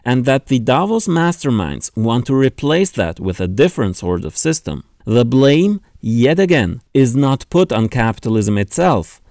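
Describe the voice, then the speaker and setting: A man's voice: mid-range voice, big pitch swings, normal speed, hardly any pauses, a little mellow, no room sound, studio quality. A man narrating a scripted video essay with a pointed, sardonic delivery.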